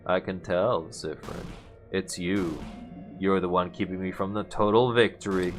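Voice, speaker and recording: A man voicing a cruel male king villain in a game, speaking slowly and low with threats. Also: fairly even intonation, faint music behind. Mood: menacing. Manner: slow, low, threatening delivery. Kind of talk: video game voice-over reading.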